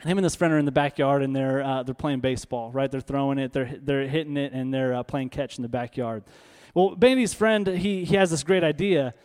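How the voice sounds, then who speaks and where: A man preacher telling a story in an animated, conversational way, often asking the audience "right?", in a church auditorium. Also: mid-range voice, a little fast, in a large hall. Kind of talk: storytelling sermon.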